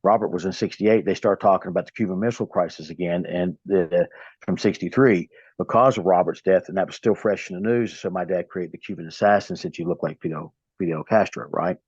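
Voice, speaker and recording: A pro wrestler in his fifties from the American South, with a Southern US accent, tells rambling stories as an interview guest, restarting often in casual talk. His voice is low, brisk, a little mellow, and slightly rough. The recording is dry, with no echo, and has a dull lo-fi sound.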